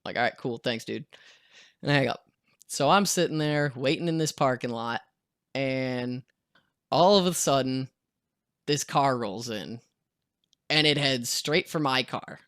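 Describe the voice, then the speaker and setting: A man's voice: mid-range voice, unhurried, long pauses, a bit bright, smooth, no echo. Young man telling a story, dry sound. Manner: casual storytelling, acts out quotes. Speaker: vlogger. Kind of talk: storytime vlog.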